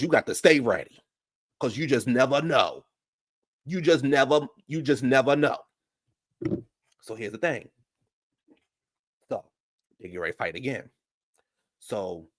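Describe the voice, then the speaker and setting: Animated chatty male storyteller. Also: mid-range voice, no room sound, studio quality. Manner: animated, chatty, addresses viewers as "y'all" and "baby". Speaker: host of a reality-show recap channel. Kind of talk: casual storytelling to viewers.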